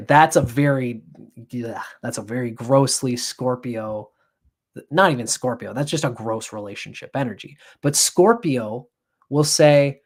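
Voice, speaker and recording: A man's voice: medium pitch, unhurried. A man giving an astrology reading on a live stream, blunt and profane, switching into acted voices to make his points.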